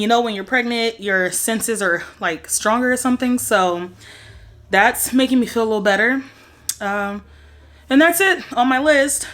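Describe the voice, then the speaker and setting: A woman's voice: on the high side, fairly bright tone. A young woman chatting casually to camera at home, rambling with lots of fillers. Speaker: vlogger sharing pregnancy updates. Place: at home in her bedroom.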